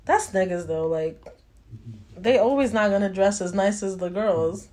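A woman's voice: mid-range voice, unhurried, crowd noise. A young woman co-hosting a casual podcast, blunt and sassy, cursing freely. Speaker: podcast co-host. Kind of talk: casual chat.

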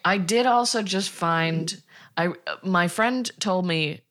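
A woman's voice: fairly low pitch, takes it slowly. A woman co-hosting a podcast in casual chat, tossing out dry jokes. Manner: jokey, deadpan quips. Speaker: podcast co-host.

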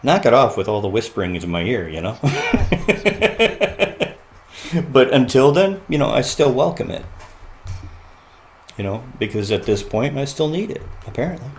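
A man's voice: mid-range voice, very animated, a little slow, long pauses, a little hiss or hum. A man who is a podcast guest, telling personal stories in an earnest, reflective way and often laughing. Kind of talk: heartfelt podcast conversation.

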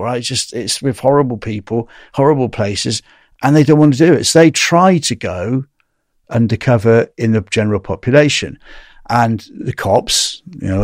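A man's voice: lowish voice, dry recording, studio quality. A man from England, recounting his time in a US prison in a rambling, anecdotal way, often tagging "right?". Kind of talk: casual storytelling interview.

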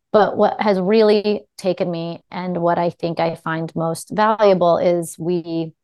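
Guest, woman, lower-pitched, reflective, drawn-out conversational phrasing. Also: darkish tone, no room sound. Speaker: podcast guest. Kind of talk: casual conversation.

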